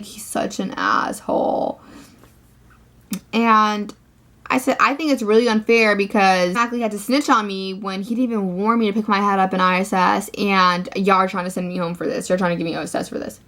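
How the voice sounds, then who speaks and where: Teen girl, vlogger, storytime rant, gravelly fry, profane, lots of fillers. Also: mid-range voice, a bit bright. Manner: ranting, profane, filler-heavy.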